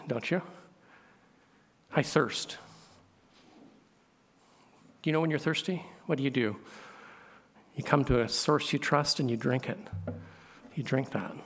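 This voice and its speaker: A man preaching a sermon as pastor, asking the congregation questions and swelling to loud, emphatic peaks. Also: mid-range voice. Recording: long hall reverb.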